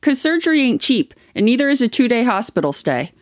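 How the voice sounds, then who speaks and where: A woman's voice: a little high, sing-song, brisk, no echo, clean studio sound. A young adult woman co-hosting a podcast, reading online posts aloud and chatting with blunt, swearing opinions. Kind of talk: reading aloud and casual chat.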